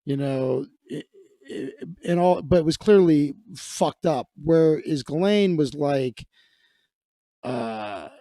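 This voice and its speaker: A man's voice: fairly high pitch, expressive, slow pace, warm tone, no room sound. Crude sarcastic man riffing on news. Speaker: livestream host. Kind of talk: casual comedic livestream commentary.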